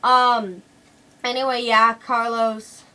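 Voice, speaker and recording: A woman's voice: on the high side, level tone, slow, pushed and bright, poor audio. A young woman casually reviewing a wrestling event in a vlog, rambling and chatty with lots of fillers.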